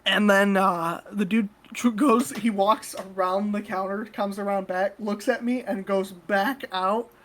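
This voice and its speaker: A woman's voice: mid-range voice, fairly even intonation, measured pace, few pauses. A woman co-hosting a podcast, telling a story in a casual, blunt and profane way. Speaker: podcast co-host.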